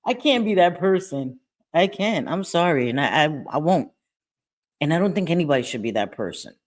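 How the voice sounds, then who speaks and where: A woman's voice: sits low, animated, normal speed. A woman hosting a casual livestream chat, talking bluntly and swearing freely, repeating herself and laughing often as she talks into her webcam microphone. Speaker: livestream host. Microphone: webcam or computer mic.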